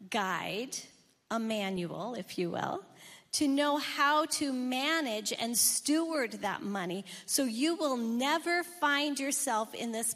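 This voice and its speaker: A woman voicing a wealthy father who calmly reassures his son. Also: a little high, long reverb tail, heavily acted. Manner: measured, reassuring. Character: wealthy, calm, generous father.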